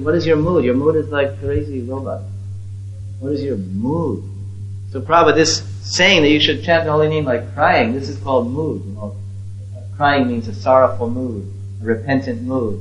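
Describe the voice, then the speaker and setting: A man teaching a devotional lecture to a small audience, earnest, moving from loud calls to hushed pleading. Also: mid-range voice, a little hiss or hum. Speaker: spiritual teacher. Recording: roomy, slightly dull recording.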